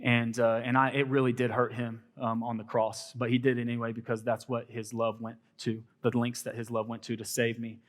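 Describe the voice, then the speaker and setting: A man's voice: medium pitch, completely flat delivery, brisk, few pauses. A man with a Texan accent hosting a church panel, talking earnestly and rambling with fillers. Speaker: panel host, college minister. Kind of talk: casual panel talk.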